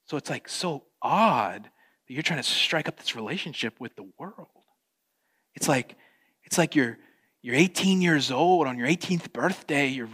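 Male pastor, sermon delivery, fairly high voice, lively and animated. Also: unhurried, slightly rough. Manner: animated, shifts into playful voices for quoted speech.

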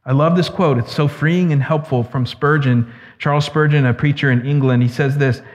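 A man preaching a sermon as pastor, earnest and slowing down to stress key words. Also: on the high side, fairly even intonation. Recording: echoey hall, dull lo-fi sound.

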